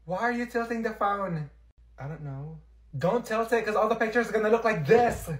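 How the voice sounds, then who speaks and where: A young man acting out comedy sketches, swinging between loud shrill outbursts and low mumbled asides. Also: normal speed. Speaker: comedy sketch creator playing many characters.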